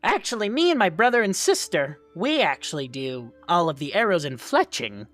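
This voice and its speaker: A man voicing an eager young male kobold fletcher in a tabletop game, chirpy and excited. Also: high-pitched, normal speed, soft background music.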